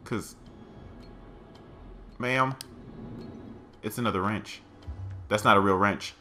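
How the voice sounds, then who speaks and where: A man's voice: fairly low pitch, slow pace, long pauses, pushed and bright, faint music behind. A man giving let's play commentary, thinking aloud to his viewers as "guys" and crying out in alarm at what he finds. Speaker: gaming channel host.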